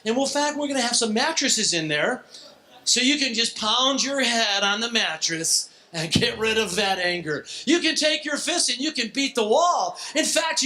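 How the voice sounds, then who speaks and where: Animated, bright-voiced older youth speaker. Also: male voice, very high voice. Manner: joking, theatrical, exaggerated shifts in delivery.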